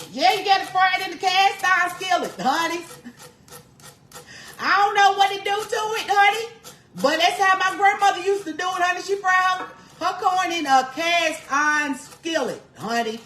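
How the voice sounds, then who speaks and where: A woman's voice: very high-pitched, normal speed, bright, forceful tone, roomy sound, a little hiss or hum. A woman demonstrating home cooking, folksy and chatty, calling the viewer honey and laughing often. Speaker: home cook vlogger. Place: home kitchen.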